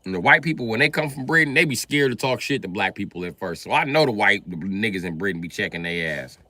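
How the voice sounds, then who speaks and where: A man hosting a livestream, riffing in an animated, profane comedic rant with sudden jumps in pitch. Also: fast talker, dry recording. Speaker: livestream host.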